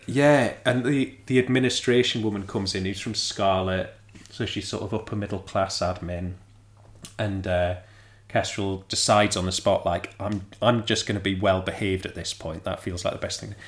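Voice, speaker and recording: Young guy, lowish voice, chatting about a book and acting out bits of it. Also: normal speed. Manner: animated storytelling, acts out quotes. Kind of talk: casual book discussion.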